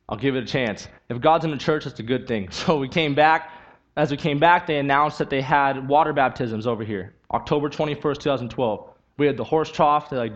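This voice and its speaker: A young man preaching a sermon and telling his testimony, earnest and emphatic, driving points home by repeating them. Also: medium pitch. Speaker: youth preacher. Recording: dull lo-fi recording.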